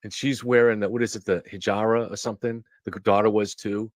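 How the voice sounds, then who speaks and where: A man with a lowish voice rambles through a story on a live stream, restarting sentences and drifting into asides. The sound is close and dry, with no room echo. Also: steady tone, a little fast. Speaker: show host. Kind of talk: casual monologue on a live stream.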